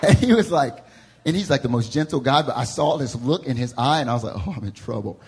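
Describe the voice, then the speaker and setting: A young man with a Southern US accent, preaching a sermon to a congregation as a lively, laughing storyteller who acts out the voices in his stories. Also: mid-range voice, quick pace. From American South. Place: church service before a congregation.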